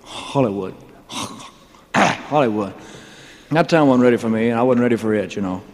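Man, thirties, singer on stage, rambling joking monologue, mid-pitched voice, long concert-hall reverb. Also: animated, fairly quick, darkish tone. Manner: loose, joking, drawling asides full of "man" and "you know". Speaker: singer telling his career story on stage.

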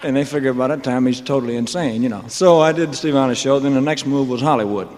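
A man in his thirties holds forth from a stage in a loose, joking ramble, his mid-pitched voice carrying a long hall echo. He is a singer telling his own story, peppering every line with "man" and "you know". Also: fast, darkish tone.

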